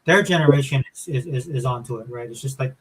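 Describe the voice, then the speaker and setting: Speaking at a quick pace, this middle-aged podcast co-host has a mid-range, somewhat bright, husky voice. He rambles animatedly through stories with plenty of fillers in a casual chat, captured on a rough recording.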